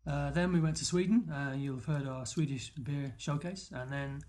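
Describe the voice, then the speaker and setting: A man from the north of England hosting a casual beer-tasting chat, relaxed and quick to laugh. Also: fairly high pitch. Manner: relaxed, chatty, laughs often. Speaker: podcast host.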